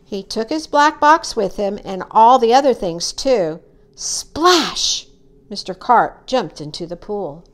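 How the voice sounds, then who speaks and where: A woman reading a children's story aloud, acting out the characters with high, excited cries. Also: a little slow, hardly any pauses.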